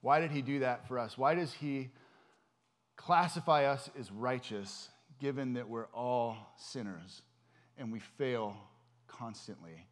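A man's voice: medium pitch, a little slow. A man giving an informal, earnest sermon in a conversational way, with frequent ums and restarts. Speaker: preacher.

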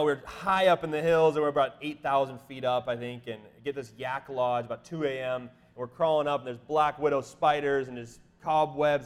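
A middle-aged man preaching from the pulpit, spinning a travel story with lively, animated delivery. His voice sits a little high for a man, and he jumps up into high put-on voices when he quotes people. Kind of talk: sermon storytelling.

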